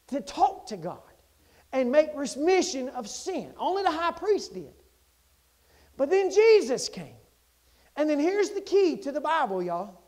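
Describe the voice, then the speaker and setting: A male pastor preaching a sermon in a folksy, animated way, swinging from loud to hushed. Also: very high voice.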